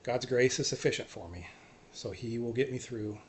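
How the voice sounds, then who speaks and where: A man giving an earnest, self-encouraging faith talk, repeating short phrases and often trailing off softly. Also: medium pitch, normal speed, slight background noise. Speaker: faith vlogger. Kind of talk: personal faith talk to camera.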